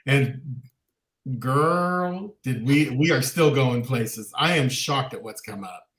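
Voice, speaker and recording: A man's voice: medium pitch, a little slow, a bit bright, reverberant. A man co-hosting a talk show, speaking candidly and animatedly, sometimes mocking others in quoted voices. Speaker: podcast co-host. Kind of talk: casual chat.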